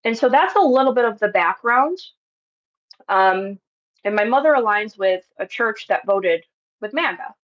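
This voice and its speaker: A woman's voice: mid-range voice, expressive, normal speed, a bit bright. Woman, preachy and earnest, spiritual show host, slightly dull lo-fi sound. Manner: earnest, preachy, repeats phrases for emphasis. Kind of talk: impassioned monologue to viewers.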